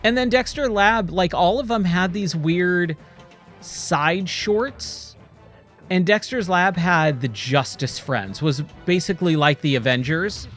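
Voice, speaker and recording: Excitable man rambling over gameplay. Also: high voice, slow pace, soft background music. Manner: rambling, nostalgic, excitable, says "dude" a lot. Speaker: streamer. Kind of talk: casual gameplay commentary. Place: home, playing a VR game.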